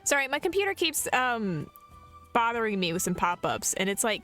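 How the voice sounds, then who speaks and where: A woman's voice: fairly high pitch, very animated, normal speed, a bit bright, faint music behind. A young adult woman streaming a game, chatting casually with playful, jokey asides and frequent laughs. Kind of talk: casual gameplay commentary.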